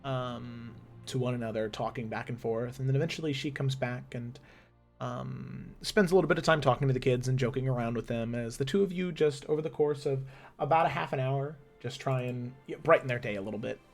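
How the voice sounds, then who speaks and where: A man's voice: medium pitch, brisk, creaky, faint music behind. A man narrating as game master in a tabletop game, casual and full of fillers. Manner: casual, with many fillers and restarts.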